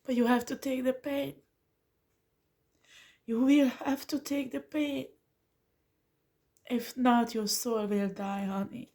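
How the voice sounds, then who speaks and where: A woman's voice: on the high side, steady tone, slow, pauses often, a little mellow. A woman giving an earnest, pleading tarot reading to the listener, calling them honey. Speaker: tarot reader. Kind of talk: spiritual tarot reading monologue.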